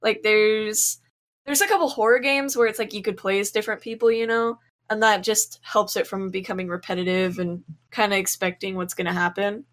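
A woman's voice: medium pitch, steady tone, brisk. A woman guesting on a podcast, chatting casually, rambling with lots of fillers and casual swearing. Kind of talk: casual chat.

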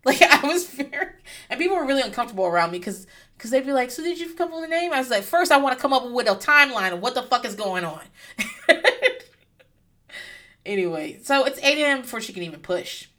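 Bright-voiced profane woman podcaster. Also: on the high side, a little fast. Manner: profane, animated storytelling with laughs. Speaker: podcast host. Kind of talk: casual comedic recap.

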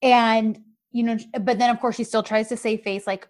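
A chatty woman with a fairly high voice, talking through a TV episode in a casual conversation. She retells the scenes eagerly and slips into quick acted-out lines, laughing along as she goes. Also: fairly even intonation, a little mellow. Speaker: podcast co-host recapping a TV drama. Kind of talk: casual chat.

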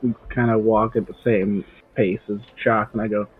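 A man's voice: on the low side, level tone, normal speed, few pauses, husky. A man cracking dry jokes as a player in a tabletop role-playing game. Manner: dry, wisecracking. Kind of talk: casual tabletop play. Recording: tinny phone-like call audio.

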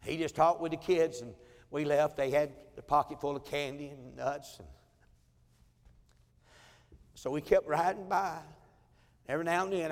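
A male pastor preaches from the front of a church, telling a story with feeling and circling back over his words. His voice sits a little high for a man, and a long hall reverb trails behind it. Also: normal speed, long pauses. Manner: heartfelt, emotional telling with many repeated phrases. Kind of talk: storytelling sermon. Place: church sanctuary.

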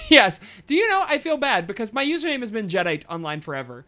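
A woman's voice: a little high, big pitch swings, fast, a bit bright. A woman co-hosting a podcast in casual chat, playful and teasing, laughing often. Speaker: podcast co-host.

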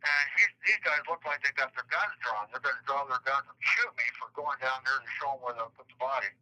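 A man's voice: mid-range voice, brisk, bright, forceful tone. A middle-aged man recounting past events in an interview, rambling and repeating words, acting out the dialogue he quotes, heard over a phone line.

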